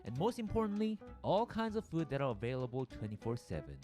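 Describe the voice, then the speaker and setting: Upbeat vlog narrator from Korea. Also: male voice, medium pitch, sing-song, fast talker, mellow, faint music behind. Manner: upbeat presenter, asks viewers questions.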